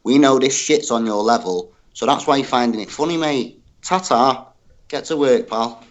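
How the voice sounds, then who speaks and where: A man's voice: mid-range voice, moderate pace. A man calling into a livestream in casual talk, blunt and swearing, tacking "mate" onto nearly every sentence. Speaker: call-in guest on a livestream.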